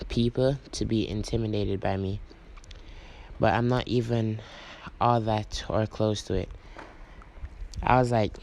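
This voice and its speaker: Low, gravelly young man retelling texts. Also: darkish tone, a little hiss or hum, poor audio. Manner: low-key, rambling retelling with many "I'm like". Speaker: vlogger. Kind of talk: casual storytelling, reading out texts.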